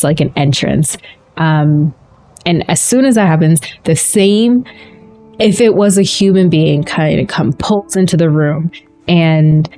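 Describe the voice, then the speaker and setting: A woman's voice: deep voice, mellow. A woman narrating as game master of a tabletop role-playing game, rambling and searching for words with many ums.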